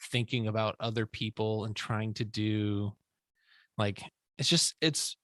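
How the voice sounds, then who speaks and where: A man co-hosting a podcast, talking sympathetically and haltingly as he searches for his words. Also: lowish voice, fairly even intonation, a bit bright, dry recording. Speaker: podcast co-host. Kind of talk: casual music discussion.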